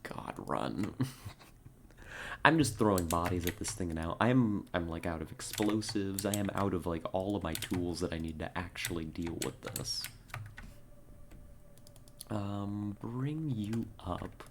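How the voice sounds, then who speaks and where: A very low-pitched streamer talks slowly through a live game session, with a wry, self-mocking tone while muttering orders at their squad. Faint keyboard and mouse clicking sits behind the voice in a home streaming setup. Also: animated, noisy background. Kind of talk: live gameplay commentary.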